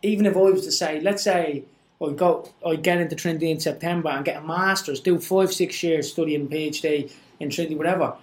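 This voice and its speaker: A man's voice: on the high side, fairly even intonation, a little fast. A man in casual chat, talking earnestly and restarting his sentences. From Ireland. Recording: echoey room.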